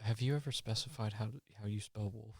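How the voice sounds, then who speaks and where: A man co-hosting a podcast in casual chat, tossing in quick joking asides. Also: fairly low pitch, fairly even intonation, dry recording. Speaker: podcast co-host.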